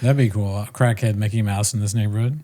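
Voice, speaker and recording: A man hosting a podcast in casual chat, easygoing and quick to laugh. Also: lowish voice, fairly even intonation, warm tone. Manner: easygoing, laughs often, rambling. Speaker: podcast host.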